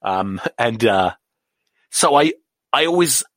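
English man, middle-aged, lively pitch, rambling, swearing, queasy, dead-dry recording. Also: takes it slowly, no echo. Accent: English, drifted toward American. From England. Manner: sweary, rambling, self-mocking. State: nauseous, queasy. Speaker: podcast host. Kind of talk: solo podcast rant.

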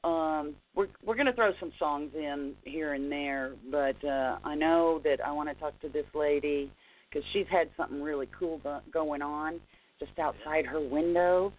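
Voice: mid-range voice, normal speed, a little hiss or hum. Host taking calls over a tinny line. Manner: friendly, takes calls. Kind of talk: casual radio chat.

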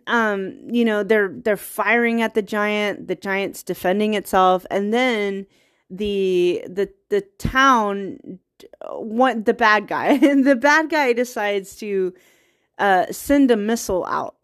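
A young woman eagerly retelling a film's plot in casual, rambling talk, laughing often and getting teary. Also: medium pitch. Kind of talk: casual movie recap.

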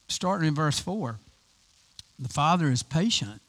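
A male pastor preaches in a loose, conversational way. His voice is a little high and swings widely in pitch as he leans into rhetorical questions. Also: a little slow. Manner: animated, conversational preaching with repeated restarts. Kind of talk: sermon.

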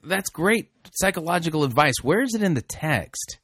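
A man's voice: on the high side, big pitch swings, moderate pace, fairly bright tone, husky, dry recording. A man commenting with mocking exasperation, voice close and dry. His delivery swings between sarcasm and weary sighs. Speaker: radio host critiquing a sermon.

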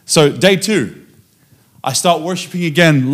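A man preaching as a guest speaker, telling a personal testimony in a lively storytelling way and acting out the dialogue. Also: fairly high pitch, normal speed. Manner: animated storytelling, acting out dialogue with frequent restarts.

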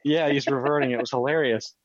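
A man co-hosting a casual podcast, chatting in an animated, storytelling way. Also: mid-range voice, quick pace, dry recording. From Wisconsin. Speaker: podcast co-host. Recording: dry, slightly muffled audio.

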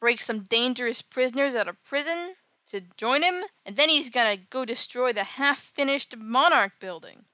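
A woman giving voice to a young comic-book informant who talks earnestly through a criminal plot. Her tone is bright, and the recording is dry. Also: high voice, animated, normal speed, hardly any pauses, no echo, pitched above the performer's own voice. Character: young woman informant explaining a villain's scheme.

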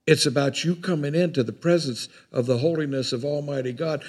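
A man's voice: medium pitch, brisk, a little mellow, breathy edge. An older man with a drawl delivers a sermon. His talk is homespun and rambling. He often repeats words as he works his way toward a point. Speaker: preacher.

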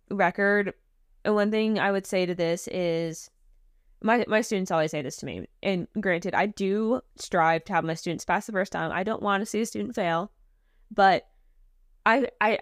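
A woman's voice: mid-range voice, dry recording, studio quality. A woman flight instructor co-hosting a podcast, talking candidly and chattily about her students with some self-deprecating humor. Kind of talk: casual chat.

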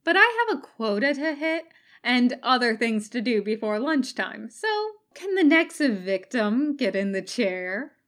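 A woman reading a brisk, bossy female tattoo artist, a touch higher and slower than her narration. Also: very animated, a bit bright. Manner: brisk, commanding.

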